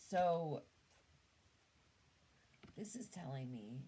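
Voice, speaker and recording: A woman's voice: low voice, lively intonation, very slow, warm tone, a little hiss or hum, low-quality recording. A Canadian woman giving a casual tarot reading, musing aloud, trailing off and restarting her thoughts. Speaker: tarot reader.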